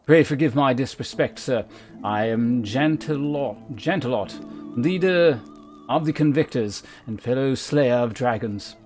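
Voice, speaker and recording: A man's voice: mid-range voice, measured pace, a little mellow, faint music behind, close to an everyday voice. A man voicing a proud male knight leader, reading formal game dialogue aloud. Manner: formal, old-fashioned speech read aloud.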